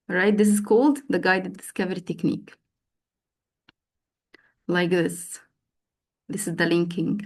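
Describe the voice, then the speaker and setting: A woman training teachers in an online class, prompting participants and repeating words for emphasis. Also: fairly low pitch. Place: online video call.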